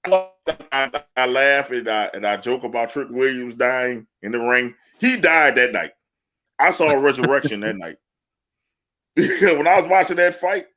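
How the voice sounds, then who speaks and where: A man's voice: medium pitch, moderate pace. A man co-hosting a sports podcast, talking casually and boastfully, telling stories with laughter and swearing. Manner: boastful, animated storytelling with laughs and profanity. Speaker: podcast co-host.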